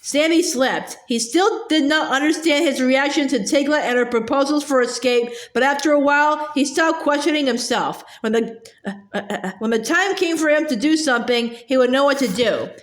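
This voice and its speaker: A woman's voice: high voice, moderate pace. Hesitant woman reader of a novel; roomy recording. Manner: hesitant, many fillers and restarts. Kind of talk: reading a novel aloud. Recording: echoey room.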